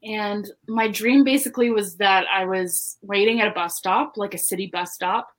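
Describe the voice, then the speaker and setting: A young woman co-hosting a podcast, telling a personal story in casual chat, full of "like" and "you know" and quick laughs. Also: medium pitch, fairly even intonation. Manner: chatty, lots of "like" and "you know", laughs often. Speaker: podcast co-host.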